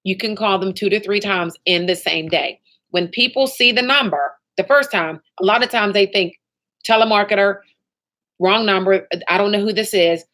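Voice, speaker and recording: A woman's voice: medium pitch, pushed and bright. A woman running a live training session for sales agents, upbeat and motivational, often checking in with "okay?" and "right?".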